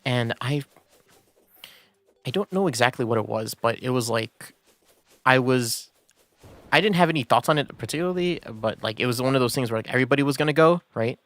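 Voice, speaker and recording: A man's voice: mid-range voice, lively intonation, brisk, long pauses, fairly bright tone. A man streaming a game, telling a story in a casual, rambling way with many fillers and restarts. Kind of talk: casual storytelling while gaming.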